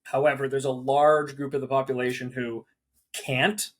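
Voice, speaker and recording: A man speaking as a guest property manager in a casual interview, animated and peppering his talk with "like" in rapid bursts. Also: medium pitch.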